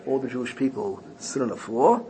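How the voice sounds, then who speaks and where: A man's voice: mid-range voice, big pitch swings, fairly quick, mellow, close to an everyday voice, poor audio. A man voicing a grieving Jewish soldier who speaks earnestly of his sorrow in a told story. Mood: mournful.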